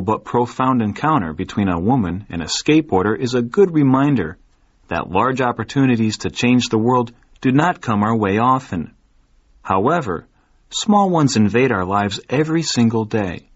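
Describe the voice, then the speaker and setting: A man reading a short story aloud in a measured, expressive way. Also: on the low side, husky, lo-fi sound. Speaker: story reader.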